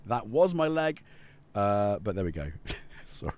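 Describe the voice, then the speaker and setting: A man's voice: fairly low pitch, sing-song, measured pace, a little mellow. A man hosting a casual live stream, joking and rambling off topic at a studio mic. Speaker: livestream host. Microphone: studio dynamic mic.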